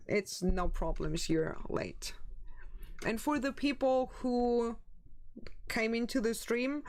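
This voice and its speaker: Slow-talking German woman streamer. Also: mid-range voice. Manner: chatty, laughs often, reads chat aloud. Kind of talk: casual chat with live viewers.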